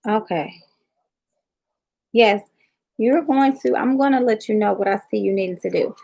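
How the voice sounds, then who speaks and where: A woman's voice: mid-range voice, moderate pace, gravelly, dark tone. A middle-aged woman with a Southern Memphis drawl, chatting casually with viewers on a live tarot stream and reading their comments aloud. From Southern United States. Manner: folksy, reads viewer comments aloud and addresses them as y'all and honey. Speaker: tarot reader on a livestream. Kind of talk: casual livestream chat with viewers.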